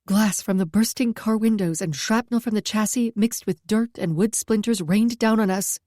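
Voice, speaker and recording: A woman reading a first-person story aloud at a steady pace, close to the mic. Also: medium pitch, normal speed, no room sound. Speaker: audiobook narrator.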